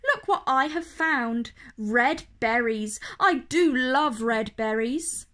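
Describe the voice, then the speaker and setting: A chirpy, eager little magpie girl from a storybook, as a woman reads her aloud. She talks high and bright with a slow, careful pace. Her lines have a lively, excited lift. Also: exaggerated voice.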